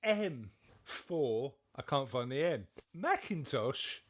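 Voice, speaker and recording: A man co-hosting a casual podcast chat, playful and quick to burst into big laughs. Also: mid-range voice, big pitch swings. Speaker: podcast co-host.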